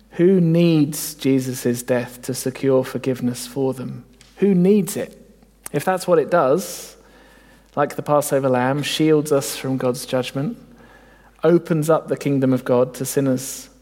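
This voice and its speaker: A man's voice: medium pitch, warm tone, long reverb tail. A man preaching a sermon, earnest and reflective, often asking his listeners rhetorical questions.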